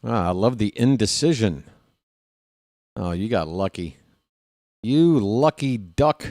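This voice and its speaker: A man's voice: lowish voice, animated, slow pace, a little mellow, no room sound, clean studio sound. A man hosting a live stream, chatting casually and trash-talking his opponent in a playful way.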